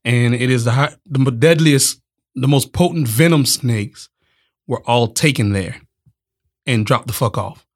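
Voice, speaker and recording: A man's voice: mid-range voice, measured pace. Blunt, joking man in casual chat. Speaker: podcast co-host.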